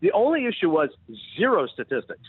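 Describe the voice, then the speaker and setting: A Canadian-born man, a guest sports broadcaster, telling stories in an animated, quick way on a casual sports radio show. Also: sits high, breathy edge, dry recording. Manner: animated storyteller, quick, laughs often. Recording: tinny phone-line remote audio.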